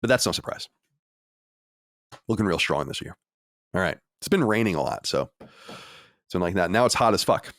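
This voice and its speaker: A man's voice: deep voice, animated, moderate pace, pauses often, fairly bright tone, no echo. A man hosting a podcast in casual chat, reading listener mail with playful, mock-boastful banter. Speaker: podcast host. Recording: dry close mic.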